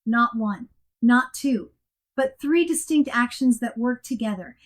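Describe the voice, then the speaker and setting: A woman giving a scripted coaching lesson in a clear, measured and emphatic way. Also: on the high side. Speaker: coaching instructor. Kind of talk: scripted instructional narration.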